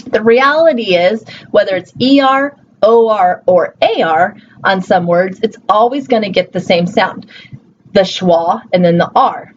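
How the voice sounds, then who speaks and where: A woman's voice: mid-range voice, unhurried, highs cut off, slight background noise. A woman teaching a recorded linguistics lecture in a chatty, encouraging way, often checking in with "okay?" and "right?". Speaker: linguistics instructor.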